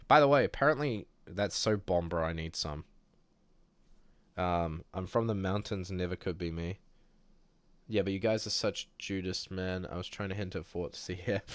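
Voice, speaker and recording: Low-voiced guy chatting on stream. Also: clear, resonant tone, no echo. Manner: rambling, jokey, many fillers and restarts. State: sick. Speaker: livestream host. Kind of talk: casual chat reading viewer messages.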